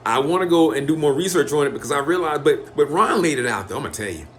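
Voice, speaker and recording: A man's voice: a little high, lively intonation, fast, fairly bright tone, a little hiss or hum. A man, talking in a loose, profane monologue and acting out quoted lines in changed voices. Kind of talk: casual rambling monologue.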